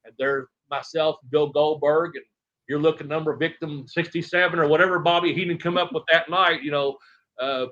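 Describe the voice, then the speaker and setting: A middle-aged man from Tennessee, a retired wrestler telling rambling, animated stories as an interview guest and acting out other people's lines. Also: a little high, normal speed. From Tennessee, USA. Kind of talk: casual storytelling interview. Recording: dull lo-fi audio.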